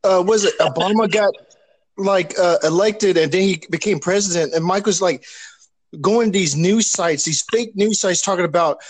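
A man's voice: sits high, normal speed. A man guesting on a casual podcast, laughing often and stumbling through stories. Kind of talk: casual chat among friends.

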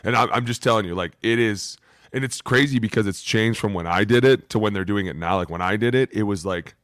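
A lower-pitched man spins animated stories on a podcast and swears freely as he goes. His voice sounds close and dry, with no room sound behind it. He talks in a loose, easy banter. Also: fairly quick, smooth, dry recording. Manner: animated, profane storytelling with laughs. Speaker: podcast co-host, former lineman. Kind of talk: casual podcast chat.

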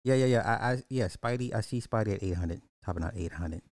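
A man with a low, warm voice hosts a casual live podcast, talking loosely and answering his chat as he goes. He restarts sentences often and keeps a relaxed, conversational pace. The sound is close and dry. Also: fast talker, no echo. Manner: loose, rambling, talks back to chat, frequent restarts.

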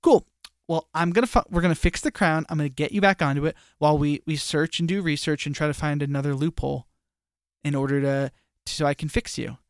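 A brisk, breezy young woman on a mission, put on by a man. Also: deep voice, no echo, clean studio sound.

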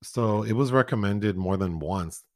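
A man's voice: on the low side, measured pace, dry recording, clean studio sound. A man co-hosting a casual chat about films, talking frankly and with opinions. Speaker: podcast co-host.

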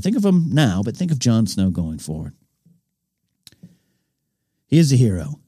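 Male podcast host, lower voice, dry booth sound, eager and rambling. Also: dark tone, no echo. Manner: enthusiastic, rambling, with frequent restarts. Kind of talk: casual episode recap commentary.

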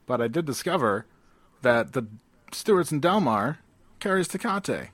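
A man's voice: mid-range voice, big pitch swings, moderate pace, a bit bright, breathy edge. A man co-hosting a podcast in casual comedic chat, riffing and slipping into goofy voices. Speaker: podcast co-host.

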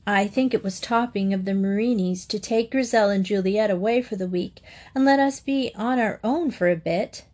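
A woman's voice: medium pitch, normal speed, a little mellow, natural voice. A woman reading aloud, voicing a cheeky, teasing young schoolgirl in a storybook.

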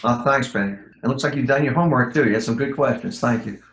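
Older male guest, middle pitch, halting and rambling, roomy echo on the audio. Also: a bit bright. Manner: rambling, halting with many restarts and fillers. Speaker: guest, former criminal profiler. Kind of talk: podcast interview storytelling.

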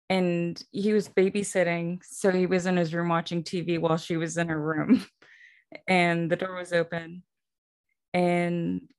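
A woman on a podcast chatting casually and telling a creepy family story with fillers. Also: lowish voice. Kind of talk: casual chat.

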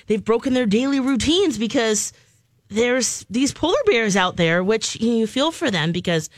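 A woman's voice: a little high, animated, measured pace, dry recording. A woman co-hosting a morning radio show, telling a news story in a chatty way. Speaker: radio co-host reading news stories. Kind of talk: casual news chat.

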